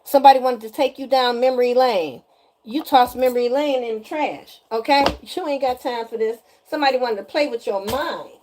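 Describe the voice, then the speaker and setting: A woman's voice: on the high side, fairly quick, a little mellow, slight background noise. A woman giving a spiritual energy reading straight to the viewer in a sassy, chatty way, often asking "okay?". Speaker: tarot energy reader.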